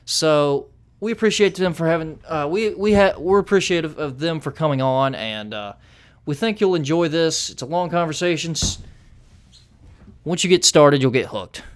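A man with a Southern American accent hosts a casual podcast chat, rambling loosely with many fillers. His voice is fairly high-pitched, at a moderate pace.

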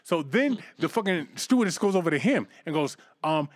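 Male podcast co-host, raw and animated, swears freely, voices the people in his stories; dry room. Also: on the high side, fairly quick, dry recording. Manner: profane, animated, acts out other people's lines. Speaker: podcast co-host telling a story. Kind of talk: casual storytelling chat.

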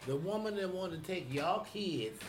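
A man's voice: high-pitched, expressive, moderate pace, a little hiss or hum. A man co-hosting a podcast, crudely agreeing and egging on a political rant. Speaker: podcast co-host.

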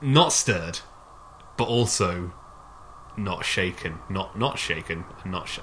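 A man's voice: low voice, a little slow, fairly bright tone, a little hiss or hum. A man hosting a podcast, recounting a film's plot and then rambling into casual chat with frequent restarts. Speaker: podcast host. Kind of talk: casual film review chat.

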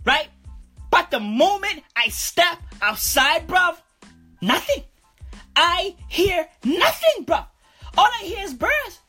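Husky cocky bro guy, a woman doing him, high and swooping all over, cursing nonstop, faint music behind. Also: sing-song, slow pace, sharp tone, heavily acted. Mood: boastful. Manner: cursing slangy bravado, constant "bruv". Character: swaggering profane male street bro, boastful. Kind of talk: comedic character monologue.

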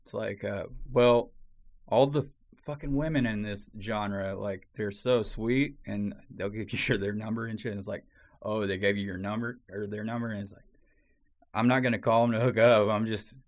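A man's voice: fairly low pitch, fairly even intonation, moderate pace. A man in a casual chat, talking in a laid-back, rambling way with swearing and lots of fillers.

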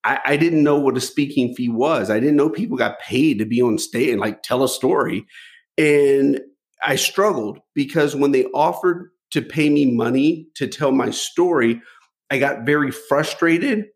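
A middle-aged man telling stories from his life as a podcast guest, animated, often repeating a word as he starts a thought. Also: medium pitch, measured pace. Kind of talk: storytelling interview.

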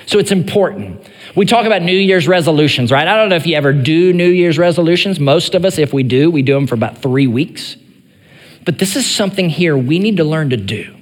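High-voiced pastor preaching in a reverberant church. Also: male voice, lively intonation, a little fast. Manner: earnest preaching, rising to pleading cries when voicing the psalmist. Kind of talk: sermon.

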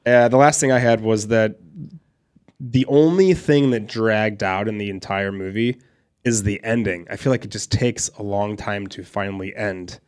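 A man hosting a relaxed movie-review chat, his voice sitting on the low side. He talks loosely, tosses in casual swearing and breaks into laughter. The delivery is unscripted and conversational. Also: moderate pace. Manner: laid-back, swears casually, laughs often. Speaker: podcast co-host. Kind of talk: casual film discussion.

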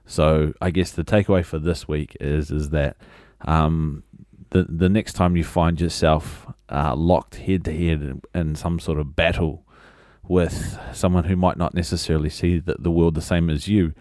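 A man hosting a podcast, talking earnestly and a little haltingly, with many fillers and restarts. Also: a bass voice, fairly even intonation, darkish tone, no room sound, studio quality. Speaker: podcast host. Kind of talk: reflective podcast monologue.

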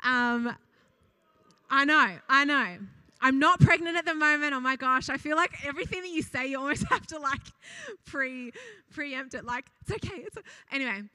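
A young woman gives a casual church sermon, chatty and giggly, often breaking off to laugh as she reads funny stories aloud to the congregation. Her high voice is expressive and sharp at a moderate pace, in a dry recording.

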